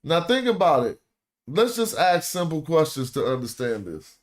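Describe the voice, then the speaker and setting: A man's voice: fairly high pitch, big pitch swings, moderate pace. A man talks through a grammar lesson in an easygoing, slangy way. He repeats words, restarts his sentences and keeps asking his listeners questions as he works through each point. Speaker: teacher of ancient Egyptian. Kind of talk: casual live lesson.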